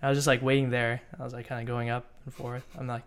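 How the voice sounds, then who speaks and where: A man's voice: mid-range voice, little pitch movement, quick pace, smooth. A man in casual chat who tells stories animatedly and laughs often, on a condenser mic. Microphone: condenser microphone.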